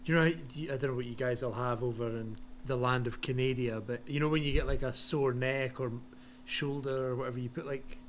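A man's voice: mid-range voice, steady tone, brisk, hardly any pauses. A man with a Scottish accent chats casually as a wrestling podcast co-host. He rambles through his stories and laughs at himself, and a faint hiss of noise sits under his voice. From Scotland.

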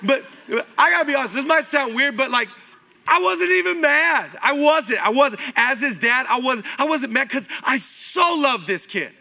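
A man in his thirties preaching a sermon as pastor, animated and conversational with lots of repetition. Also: very high voice, moderate pace, gravelly. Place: church auditorium.

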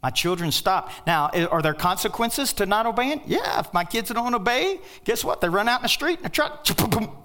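An older man preaching a sermon as pastor, emphatic, with sudden loud outbursts and joking asides. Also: sits high, big pitch swings, fairly quick, few pauses.

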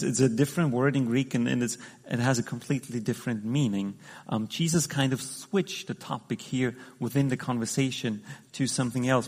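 A man's voice: mid-range voice, darkish tone, husky. A man giving a conversational sermon, talking through the scripture with frequent restarts and fillers. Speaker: preacher. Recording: long hall reverb.

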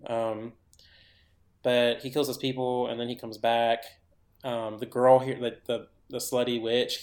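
A man on a casual podcast retells a horror movie at length. He rambles and fills every pause with "like" and "um", and his pitch sits in the middle. He slips into the characters' lines as he goes, and the room around him has a noticeable echo. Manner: rambling, filler-heavy, acts out characters' lines. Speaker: podcast co-host.

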